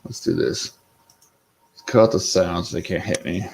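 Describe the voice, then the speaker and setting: A man's voice: sits low, fairly even intonation, a little slow, gravelly, a little hiss or hum. A man hosting a casual livestream recap, rambling and swearing freely as he talks to his chat. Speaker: livestream host recapping a show episode. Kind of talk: casual unscripted live-stream chat.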